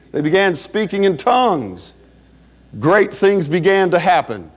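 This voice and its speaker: A man's voice: high voice, big pitch swings, measured pace, long pauses. A man preaching a Baptist sermon with a fervent, rising and falling cadence.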